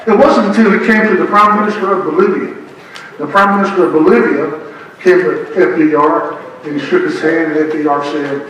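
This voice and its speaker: High bright preacher in an echoey church. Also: male voice, fairly quick, far from the mic, a little hiss or hum. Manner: storytelling, joking with the congregation. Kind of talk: sermon. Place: church sanctuary. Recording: echoey church heard from afar.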